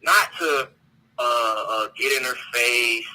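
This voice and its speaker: Slowly and in a sharp, mid-range voice, a man calls a talk show to rant bluntly with plenty of profanity. He often repeats words as he searches for them, and the recording is low quality.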